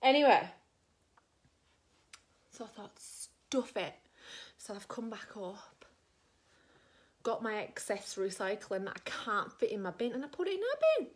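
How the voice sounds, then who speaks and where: With a fairly high voice that swings widely in pitch, a middle-aged Australian woman speaks at normal speed. She's a makeup vlogger, putting on makeup on camera and spinning a long, rambling tale full of fillers.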